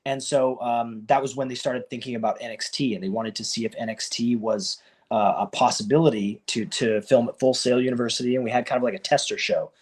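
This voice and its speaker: A man, a professional wrestler, telling his career story in a casual, animated way and acting out what others said. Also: fairly quick, husky. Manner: animated, acts out quoted people with raised pitch; loose and conversational, many fillers like "like" and "you know".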